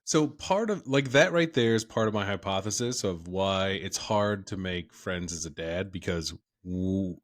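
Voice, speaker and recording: This thirties-aged podcast co-host chats casually, rambling and joking, often trailing off and starting again. His voice sits low, and he keeps a measured pace with few pauses.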